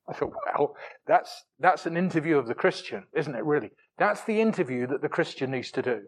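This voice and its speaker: A man preaching a sermon, emphatic, swinging between forceful peaks and low asides, often repeating words as he restarts phrases. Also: animated, a little fast, breathy edge.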